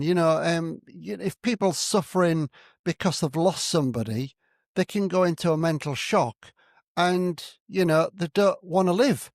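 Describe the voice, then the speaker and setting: A male interview host speaks slowly and encouragingly, with a pitch a touch higher than usual for a man. His voice sounds close and dry, with no room around it. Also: no room sound.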